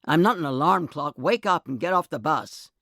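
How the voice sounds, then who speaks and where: A woman's voice: deep voice, lively intonation, normal speed, fairly bright tone, dry recording, studio quality. A woman voicing a blunt, impatient male bus driver in a storybook reading. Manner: curt and impatient.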